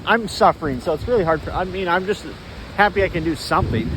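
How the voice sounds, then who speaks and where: A man's voice: high voice, expressive, fast, background noise. A man vlogging casually while walking outdoors, rambling in a loose way with many asides, recorded on a handheld phone.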